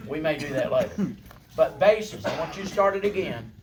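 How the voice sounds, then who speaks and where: A man's voice: on the high side, lively intonation, moderate pace, crowd noise. A man directing a choir rehearsal, calling out sections and parts and encouraging the singers. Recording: distant mic in a room with singing.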